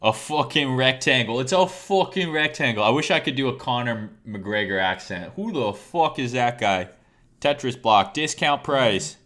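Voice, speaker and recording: A man's voice: mid-range voice, normal speed, fairly bright tone. Male trading streamer, casual and profane, teaches by quizzing his live audience. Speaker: trading educator. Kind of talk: live-streamed chart lesson.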